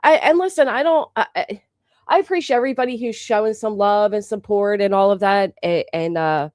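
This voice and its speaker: A woman's voice: mid-range voice, brisk, darkish tone, no room sound, clean studio sound. A woman hosting a casual livestream who rambles with many restarts, swears freely, thanks members in the chat and has a sore throat. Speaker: livestream host.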